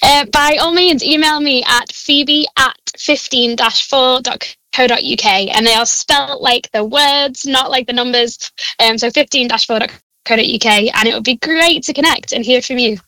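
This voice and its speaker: A young woman speaks with a broad Liverpool Scouse accent, her voice bright and a touch high. She chats warmly and encouragingly, laughing often. The sound is dry and close. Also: normal speed, no echo, poor audio. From Liverpool, England. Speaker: guest. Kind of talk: casual chat. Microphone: phone call.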